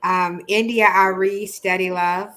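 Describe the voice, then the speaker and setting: A woman guesting on a relationship podcast, speaking slowly and tenderly. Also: mid-range voice, steady tone, sharp tone. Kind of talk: casual chat.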